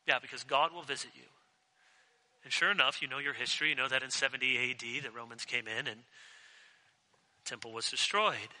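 A man's voice: a little high, animated, brisk, long pauses, bright, forceful tone. A man preaching an earnest, emphatic sermon as pastor, asking the congregation direct questions. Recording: long hall reverb.

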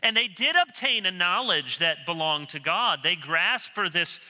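A man preaching an expository sermon, emphatic and animated, dropping low and quiet when he quotes others. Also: unhurried. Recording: long reverb of a large hall.

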